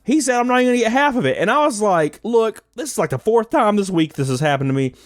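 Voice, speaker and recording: A man's voice: high voice, very animated, fast talker, few pauses, dry recording, clean studio sound. A young American man telling a job interview story to his channel, sarcastic and swearing, laughing at himself. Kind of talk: casual storytelling rant.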